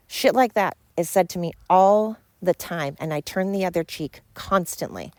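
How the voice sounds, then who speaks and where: A woman's voice: lowish voice, normal speed, hardly any pauses, no room sound. A woman hosting a podcast, ranting bluntly and fired up, swearing freely. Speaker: podcast host. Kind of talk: opinionated podcast rant.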